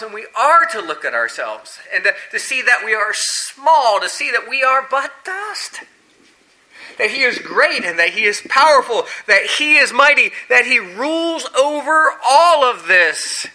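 A man preaching a sermon with a high, very bright voice. He speaks slowly and deliberately. He acts out the scripture quotes dramatically, sometimes dropping low and quiet, sometimes rising high and loud. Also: very animated, poor audio.

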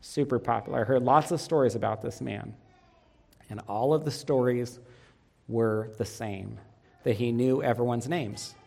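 A man's voice: medium pitch, normal speed, gravelly, a little mellow. A middle-aged man preaching a sermon in a conversational way, asking the listeners rhetorical questions and changing his pace often. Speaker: pastor. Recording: long hall reverb.

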